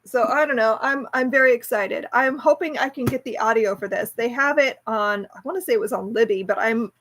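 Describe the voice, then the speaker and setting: A woman's voice: on the high side, a little fast, a bit bright. A woman hosting a casual book club chat, rambling and enthusiastic, laughing easily and restarting her sentences often. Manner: chatty and rambling, with many restarts and fillers. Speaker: homeschool book club host.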